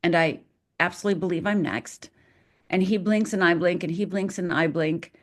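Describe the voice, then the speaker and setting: Low-voiced woman telling her story. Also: moderate pace. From Upper Michigan. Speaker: guest. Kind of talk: personal storytelling.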